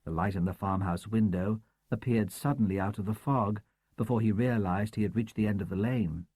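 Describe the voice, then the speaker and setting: A man narrating a crime novel audiobook in a measured, expressive storytelling manner. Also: fairly low pitch, breathy edge, no room sound. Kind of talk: scripted narration.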